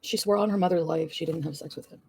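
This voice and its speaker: A woman's voice: low-pitched, fast talker, darkish tone, breathy edge. A woman vlogger venting and ranting, swearing often and rambling. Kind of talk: ranting vlog.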